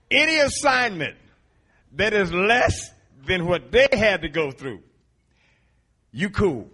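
A middle-aged man, a Christian musician, preaching in a lively storytelling way, laughing often and stretching words for emphasis, with a husky voice. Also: sits high. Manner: animated, laughing, drawn-out emphasis. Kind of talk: storytelling sermon.

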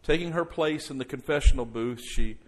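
A man preaching a sermon as pastor before a congregation, slowing right down and dropping to a near hush for emphasis, then rising loud. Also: mid-range voice. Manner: slows down and drops soft for emphasis, then rises loud. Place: church service before a congregation.

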